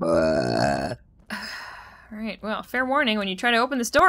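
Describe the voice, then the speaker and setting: A woman's voice: medium pitch, huge pitch swings, a little slow, fairly bright tone. Young woman streamer, casual profane game commentary, bouncy delivery. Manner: joking, swears a lot, talks to chat.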